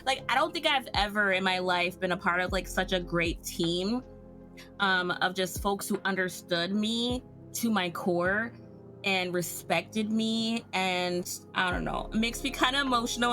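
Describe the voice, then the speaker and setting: A woman's voice: medium pitch, measured pace, bright, forceful tone, faint music behind. A woman guest in a casual round table chat, rambling and heartfelt, full of "like"s.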